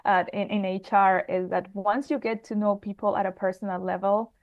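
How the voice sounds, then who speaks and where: A woman, an HR expert answering interview questions in an expressive, animated way. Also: mid-range voice, moderate pace, dull audio. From Mexico. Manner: expressive, talks with her hands. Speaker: HR expert guest.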